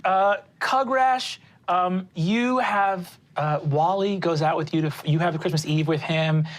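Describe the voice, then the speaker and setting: A woman narrating as game master, moving quickly between narration and character voices. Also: lowish voice.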